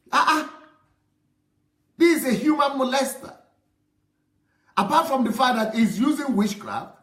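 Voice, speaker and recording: Impassioned pastor, high-pitched. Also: male voice. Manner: impassioned, repetitive, rising to shouts. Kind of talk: commentary on a video. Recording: roomy echo.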